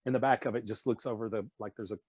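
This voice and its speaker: A man's voice: fairly low pitch, very fast, breathy edge, no echo. A man from Nashville with a light Tennessee accent, a voice actor telling stories in a casual interview and slipping into impressions. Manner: animated, slips into impressions. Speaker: voice actor guest.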